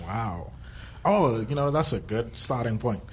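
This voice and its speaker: A man's voice: mid-range voice, animated, measured pace, a little hiss or hum. A man co-hosting a podcast in casual chat, rambling, joking and laughing often. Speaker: podcast co-host.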